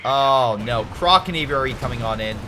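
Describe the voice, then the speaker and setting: A man casually commentating a strategy game replay, animated and excitable, joking and swearing at the screen. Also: mid-range voice, normal speed, background noise.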